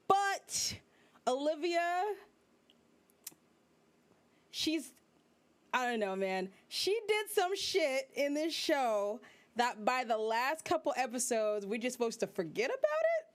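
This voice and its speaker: A young woman VTuber host giving casual, profane, animated commentary, exclaiming as she rants. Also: high-pitched, slow pace, pauses often.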